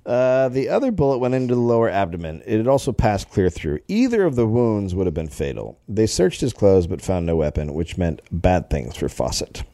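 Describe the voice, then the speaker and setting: A man's voice: fairly low pitch, sing-song, a little fast, hardly any pauses, mellow, no echo. A man co-hosting a comedy podcast, reading a history story aloud with jokey asides. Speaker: podcast co-host telling the story.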